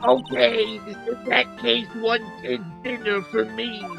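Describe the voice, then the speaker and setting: A streamer voicing a bubbly, hungry young girl sidekick in a shrill, childish voice, reading game dialogue aloud. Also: level tone, takes it slowly, creaky, over music. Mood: giddy. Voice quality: shrill and throat-straining. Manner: giddy and childish.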